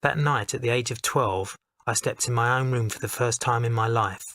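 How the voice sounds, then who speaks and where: A man narrates his own memoir in a measured, heartfelt and candid way. His voice sits at an ordinary middle pitch. It is recorded on a close studio mic with a dry sound and no room echo. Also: a bit bright.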